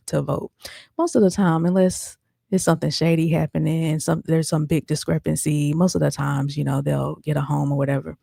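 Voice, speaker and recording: Gravelly-voiced woman telling a story. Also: sits low, mellow, dry recording, studio quality. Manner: chatty, addresses listeners as y'all, many fillers. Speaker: podcast host. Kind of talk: casual storytelling monologue.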